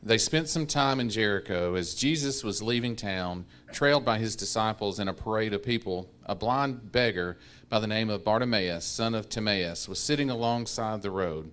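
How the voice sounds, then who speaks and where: A man in a church Bible class reading a modern scripture paraphrase aloud in a relaxed way. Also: fairly low pitch, moderate pace, clear, resonant tone.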